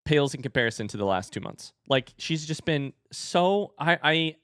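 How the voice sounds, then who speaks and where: Lively, animated man chatting on stream. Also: a little high, moderate pace, clean tone, dry recording, clean studio sound. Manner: chatty and animated, baby-talks his dogs. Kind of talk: casual live-stream chat.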